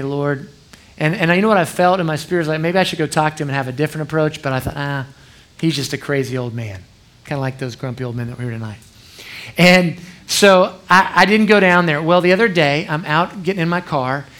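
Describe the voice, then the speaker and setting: A man's voice: on the high side, fairly bright tone. A middle-aged man preaching a sermon as pastor, telling stories in a conversational way with frequent asides to the congregation.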